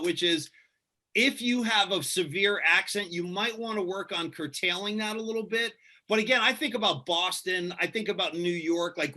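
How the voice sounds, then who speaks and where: Radio guy talking shop on a video call, earnest, says things twice, highish bright voice. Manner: earnest, repeats himself for emphasis. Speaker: radio host, interview guest. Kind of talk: casual interview answers.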